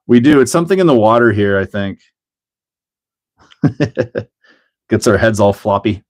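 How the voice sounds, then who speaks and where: A laid-back middle-aged Canadian man with a fairly low voice hosts a casual livestream. He jokes, laughs easily and reads out chat messages while building a kit, with an easygoing and unhurried delivery. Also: expressive, darkish tone. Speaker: livestream host.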